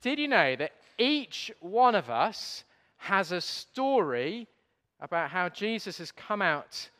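Lively high-voiced man preaching in a hall. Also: takes it slowly. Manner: lively, playful, self-deprecating. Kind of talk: sermon with audience participation. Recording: long hall reverb.

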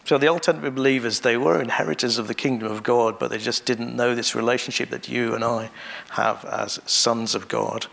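A man preaching to his congregation with a gravelly, creaky edge to his voice. He speaks in a measured way, pausing often and going back over his phrases. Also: medium pitch, steady tone, fairly bright tone. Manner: measured, with pauses and restarts. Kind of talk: sermon.

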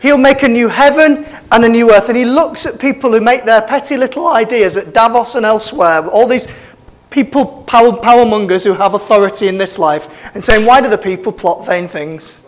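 A man's voice: extremely high pitch, fairly quick. A middle-aged man, preaching a sermon as pastor with impassioned, building emphasis. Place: church.

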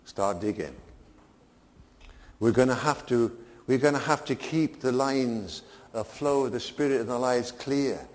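An older man preaching a sermon, swinging between emphatic peaks and quiet asides. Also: mid-range voice, moderate pace, big-room sound.

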